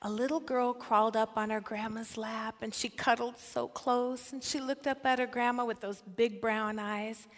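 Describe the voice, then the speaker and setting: A woman's voice: fairly high pitch, normal speed, few pauses. An older woman giving a sermon-style talk to a Christian women's gathering, telling stories with animation and putting direct questions to her listeners. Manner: animated storyteller, puts direct questions to the audience. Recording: echoey hall.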